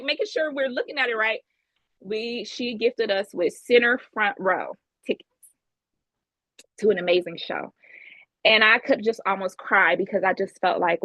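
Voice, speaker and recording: A woman's voice: a little high, normal speed, sharp tone, no echo, rough recording. Earnest woman from Ohio testifying. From Ohio, USA. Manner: earnest, emphatic storytelling with many restarts. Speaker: guest speaker at an online women's event. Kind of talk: personal testimony talk. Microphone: video call.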